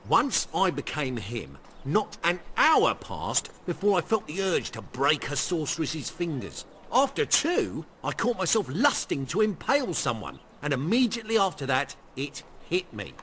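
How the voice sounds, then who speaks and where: An actor playing a weary shapeshifter disguised as a ruined merchant, speaking wryly and ruefully in a video game. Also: male voice, on the high side, huge pitch swings, moderate pace, few pauses, a bit bright, a little hiss or hum. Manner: wry, rueful and self-mocking. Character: weary middle-aged male shapeshifter posing as a ruined merchant. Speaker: game character.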